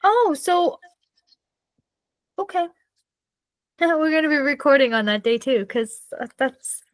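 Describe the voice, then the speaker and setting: High lively giggly woman. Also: slow, no room sound. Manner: giggly, chatty storyteller. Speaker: podcast co-host. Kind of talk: casual chat.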